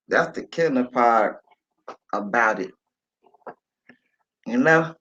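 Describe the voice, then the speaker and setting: In his late fifties, this livestream host rambles through a casual chat on a phone mic, reading viewer comments aloud and swearing freely. His mid-range voice is animated and a bit bright, moving slowly with long pauses. The recording sounds muffled.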